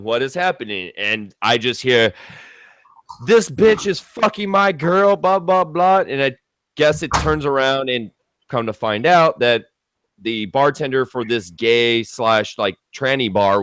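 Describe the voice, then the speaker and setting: A man's voice: mid-range voice, no room sound. A young man tells a story in a loose, rambling way. He swears freely, fills his talk with "like," and acts out the other people's lines. His voice sits in a middle range and sounds dry, with no room around it. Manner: rambling, profane, animated retelling with many fillers. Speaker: storyteller guest. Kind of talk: casual storytelling chat.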